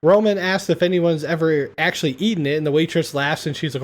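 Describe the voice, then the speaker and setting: A man with a slightly raised speaking pitch hosts a laid-back podcast. He walks through a comedy film scene by scene in an easy, conversational way. He chuckles often as he retells the moments. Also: quick pace. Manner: laughs often while retelling. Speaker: podcast host.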